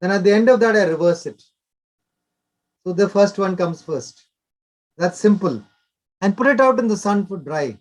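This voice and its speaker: An older male doctor gives advice in an interview. His voice sits fairly high, and he talks instructively in short, repeated directives. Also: lively intonation, normal speed, pauses often. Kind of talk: explanatory interview talk.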